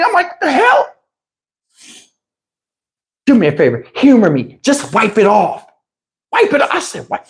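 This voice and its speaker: A man telling a comic story on a livestream in an animated, emphatic, slangy way, with lots of cursing, into a lapel mic. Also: very high-pitched. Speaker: livestream host. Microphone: wireless lapel mic.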